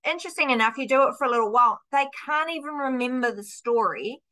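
A woman fitness coach talks as a guest on a casual podcast. Her voice is bright and sits a little high. She speaks in a lively, animated way and swears without a second thought. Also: fast talker. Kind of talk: casual interview chat.

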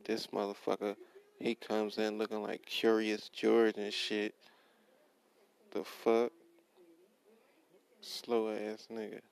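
A young man rants bluntly about his workday in a low, gravelly voice. His pitch barely moves, so the swearing comes out flat and steady. He keeps repeating himself and quoting his own comebacks. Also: slow, long pauses, rough recording. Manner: blunt, profane, repetitive, quotes himself. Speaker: worker ranting about his job. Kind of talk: profane casual rant.

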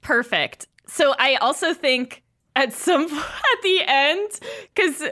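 A woman's voice: sits high, lively intonation, takes it slowly, bright, forceful tone. A woman co-hosting a podcast, laughing easily and steering the comedy plan. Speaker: podcast co-host. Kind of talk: casual comedy brainstorming.

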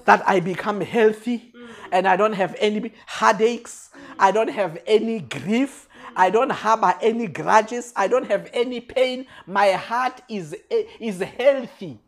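Preacher with shouted, sweeping refrains. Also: medium pitch, a little slow, few pauses. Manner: repeats refrains, swings from soft to shouting. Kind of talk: sermon.

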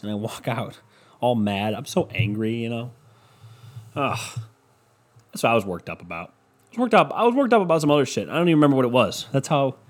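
A man's voice: fairly low pitch, darkish tone. Man, casual podcast host, profane, rambling, mocking imitations. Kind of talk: casual solo monologue.

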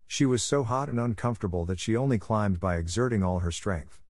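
Low guy reading a storybook, steady and measured, super dry recording. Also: no room sound. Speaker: audiobook narrator. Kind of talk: scripted storybook narration.

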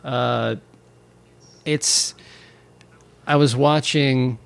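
A man co-hosting a casual podcast, rambling and animated as he retells jokes between laughs. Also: medium pitch, extremely slow, vocal fry. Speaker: podcast co-host.

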